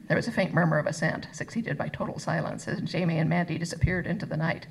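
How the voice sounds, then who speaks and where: A woman author reading her novel aloud at a live event, expressive and voicing each character. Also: low voice, fast, creaky, few pauses, a little hiss or hum, low-quality recording. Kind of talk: live first-person book reading. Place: arts center reading event.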